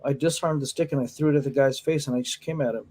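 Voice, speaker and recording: A man's voice: mid-range voice, steady tone, fast, darkish tone. A man who teaches martial arts, telling stories in casual chat, swearing freely, laughing often and acting out what people said. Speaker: martial arts instructor, podcast guest.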